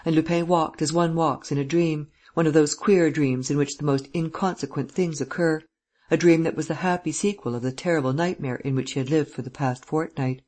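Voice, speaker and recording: An audiobook narrator reads classic prose in a steady, measured way, with a husky, breathy tone. The pitch sits in the middle range and the delivery stays even. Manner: steady, measured literary reading. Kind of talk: scripted narration.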